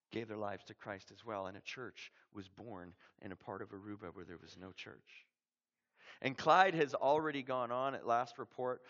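Animated Canadian man telling a sermon story. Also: on the low side, muffled recording. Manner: animated storyteller, acts out dialogue, dramatic drops to quiet. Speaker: missionary preacher.

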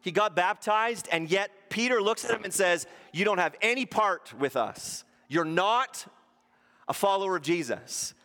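Male pastor, high voice, preaching with rhetorical questions in a church hall with long reverb. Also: lively intonation, unhurried, sharp tone. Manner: rhetorical questions, acts out quotes in shifting voices. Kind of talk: sermon.

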